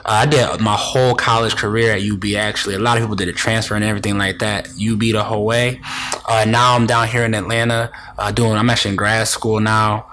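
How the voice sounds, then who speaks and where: A man's voice: lowish voice, flat delivery, fast, a bit bright, slight background noise. A man in his twenties from Rochester, New York, speaking earnestly as a podcast guest in casual chat.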